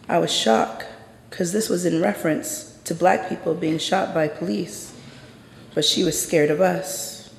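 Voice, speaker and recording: A man performs a dramatic first-person story on stage, measured and intense, with deliberate pauses. His voice sits a little high with a gravelly edge. It rings through a large, reverberant theater. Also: steady tone, slight background noise. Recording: echoey hall with long reverb.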